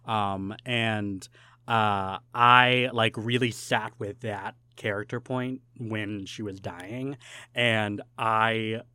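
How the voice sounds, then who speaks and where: A young man co-hosting a podcast, telling an animated story with lots of laughs and fillers. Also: on the low side, drawn-out words, smooth, dry recording. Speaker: podcast co-host. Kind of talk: casual chat, storytelling.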